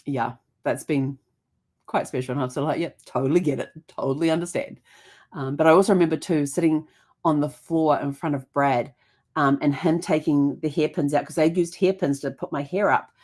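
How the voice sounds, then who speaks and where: A woman's voice: low-pitched, a little mellow. A middle-aged woman, casually telling a personal story for her vlog, chatty and rambling, laughing often and acting out the voices of people she quotes. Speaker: host.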